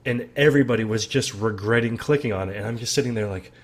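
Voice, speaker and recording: A man's voice: fairly low pitch, fast. Rambling, swearing vlog host guy. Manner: rambling, profane, animated storytelling. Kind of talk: casual reaction vlog.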